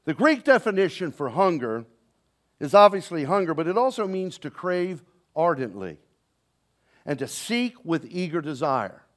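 A man preaching a sermon to a congregation, swinging between soft, slow lines and loud, quick ones and calling on the listeners to respond. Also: fairly high pitch, sing-song. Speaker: pastor. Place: church sanctuary with congregation, also streamed online.

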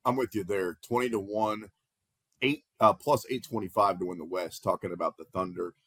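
A man hosting a sports betting show, playful and energetic, reading out odds and plugging the network. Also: on the low side, moderate pace, breathy edge, dry recording.

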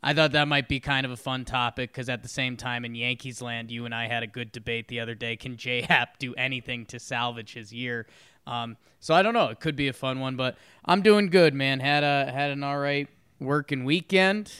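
Easygoing rambling co-host, smooth voice. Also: male voice, medium pitch, sharp tone, no room sound. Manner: easygoing, rambling, quick to laugh. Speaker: podcast co-host. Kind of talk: casual sports chat.

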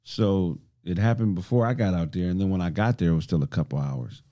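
A man in casual group chat, telling personal stories in an animated, profane way and acting out arguments in a raised voice. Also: low-pitched, a little fast, no room sound, studio quality.

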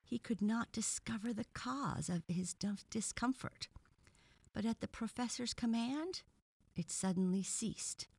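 A woman narrating a children's story in a calm, even storytelling manner. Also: a little high, unhurried, breathy edge, no echo. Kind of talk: audiobook reading of a children's story.

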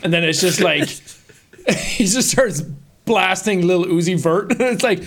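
A man's voice: high-pitched, slow pace, fairly bright tone. A young man co-hosting a podcast in casual chat, joking and laughing a lot. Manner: laughing, jokey, slips into silly voices. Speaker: podcast co-host.

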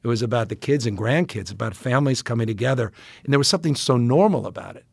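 Gravelly man telling a long story. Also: mid-range voice, animated, quick pace, dry recording, clean studio sound. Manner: emphatic, rambling, heavy with fillers and restarts. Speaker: politician guest. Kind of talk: long-winded storytelling in a podcast interview.

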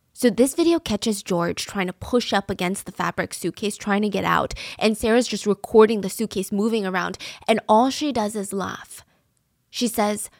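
A woman's voice: medium pitch, no room sound, clean studio sound. A young adult woman hosting a true crime podcast, telling the story in a chatty, conversational way with casual asides. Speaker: podcast host.

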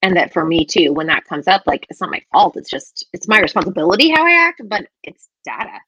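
A woman in her thirties co-hosting a casual chat, animated and laughing often, with frequent filler words. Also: on the low side, fairly quick, husky, no echo, poor audio. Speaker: podcast co-host.

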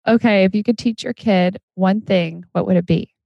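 A woman co-hosting a casual chat who tells quick anecdotes and laughs along. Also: medium pitch, creaky, dry recording, lo-fi sound. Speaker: podcast co-host.

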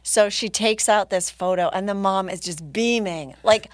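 A woman's voice: mid-range voice, moderate pace, no room sound, clean studio sound. A woman guest telling a casual story, laughing often and acting out what others said. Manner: animated, laughing, acts out other people's lines. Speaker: podcast guest.

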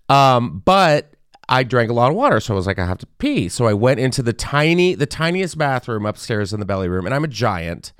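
A man of middling pitch spins a comic story as a podcast co-host. His intonation swoops widely, and he jumps into high voices whenever he quotes someone. His voice is smooth and resonant, recorded dry and close. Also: fairly quick, no room sound. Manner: animated, jumps into high voices when quoting people. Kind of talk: casual comedic storytelling.

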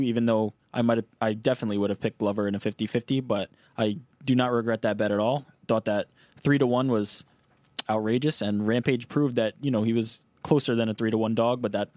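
A man's voice: mid-range voice, darkish tone, dry recording. A man co-hosting a show, casually rambling through a recap of his bets. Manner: rambling, numbers-heavy recap. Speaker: co-host with betting segment. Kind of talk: casual chat.

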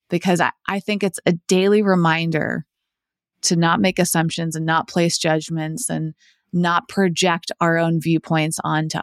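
Low, even-toned woman host. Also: gravelly, no echo, clean studio sound. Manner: sincere, appreciative, measured. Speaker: podcast host. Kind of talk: interview conversation.

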